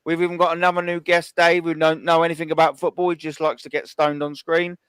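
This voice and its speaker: A man's voice: on the high side, flat delivery, quick pace, fairly bright tone, clear, resonant tone, no room sound. A man hosting a call-in show, chatty, swearing and repeating his phrases. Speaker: host. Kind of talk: casual call-in chat.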